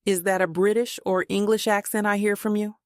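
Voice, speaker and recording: A woman's voice: medium pitch, level tone, a little fast, no room sound, clean studio sound, close to an everyday voice. A woman reading a weary male detective. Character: troubled male detective, brooding.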